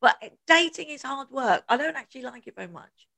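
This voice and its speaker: A woman's voice: high voice, a little fast, vocal fry. A woman co-hosting a podcast, telling stories in a casual chat with frequent laughter and acted-out quotes. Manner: animated, laughs often, acts out quotes. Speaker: podcast co-host.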